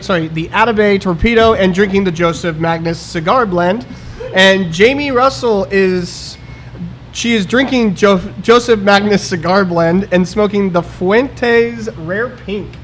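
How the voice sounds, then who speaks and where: A man's voice: high voice, measured pace, fairly bright tone, a little hiss or hum. A man co-hosting a casual podcast chat, reading listener messages and hesitating with fillers. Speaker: podcast co-host.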